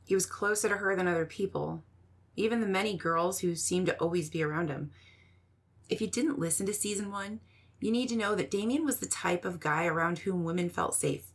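A woman hosting a podcast, giving measured, scripted true-crime narration. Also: on the low side, breathy edge.

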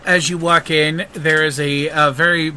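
A man narrating a tabletop role-playing game as game master. He speaks in a halting way with lots of fillers and restarts. His voice is bright and sharp and sits a little high. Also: little pitch movement, slight background noise.

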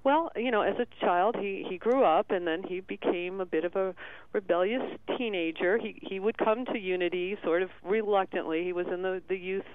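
A man calling in to a radio show, telling a personal story in a halting, tearful way with many restarts. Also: sits high. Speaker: caller. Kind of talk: emotional call-in storytelling. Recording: tinny phone line.

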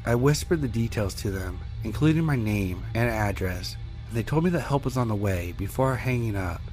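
A man reading a first-person horror story in a steady, measured way as narrator. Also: fairly low pitch, faint music behind.

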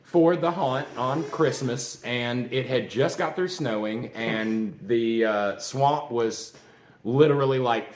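A man's voice: medium pitch, takes it slowly, echoey room. A man hosting a podcast in casual chat, telling stories loosely with lots of swearing and fillers. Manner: loose, profane storytelling with frequent fillers. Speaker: podcast host.

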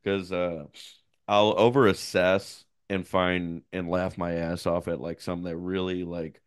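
A man's voice: sits low, a bit bright, clear, resonant tone, dry recording, clean studio sound. A young man co-hosting a podcast, telling rambling stories in casual chat, acting out quotes and laughing a lot. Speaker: podcast co-host.

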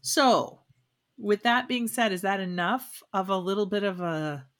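A woman's voice: mid-range voice, lively intonation, unhurried, fairly bright tone. A woman co-hosting a podcast in casual chat, leading the conversation with questions. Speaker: podcast co-host.

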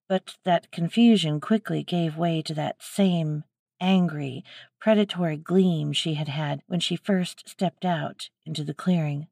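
A woman reading a scripted adventure story aloud at a slow, deliberate pace. Her voice sits fairly low, and the recording is close and dry with no room echo. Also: gravelly. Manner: measured, steady reading. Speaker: narrator.

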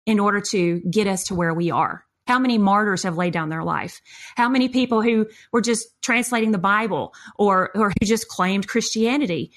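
A middle-aged woman telling a story in conversation, acting out quotes with lively shifts in voice. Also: moderate pace. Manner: expressive, acts out quotes with big pitch jumps.

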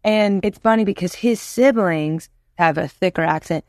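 A woman in her thirties from Louisiana, talking as an interview guest. Her voice sits on the low side, and the sound is dry and close. She tells stories with energy and puts on the voices of the people she quotes. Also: moderate pace, no room sound. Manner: animated storyteller, acts out quoted voices. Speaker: guest musician. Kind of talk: casual interview chat.

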